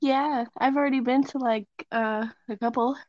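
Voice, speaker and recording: A woman's voice: high voice, steady tone, moderate pace. Giggly Southern woman on a dull line. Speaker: guest. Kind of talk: casual interview chat.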